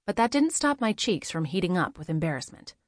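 A woman narrates a first-person story in a measured, steady way, reading it aloud as an audiobook. Her voice is on the low side, and the recording is dry and close with no room sound. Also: no room sound.

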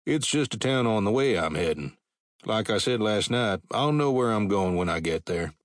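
A man voicing a somber, imposing cowboy drifter in an audiobook western, terse and even-toned. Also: on the low side, normal speed, dry recording, studio quality, lightly acted.

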